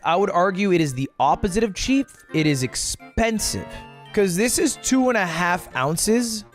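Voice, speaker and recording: Joking streamer guy, kinda high voice, swears a lot, bounces all over in pitch. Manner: animated, joking, profane. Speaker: streamer ranking products. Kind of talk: casual streaming commentary.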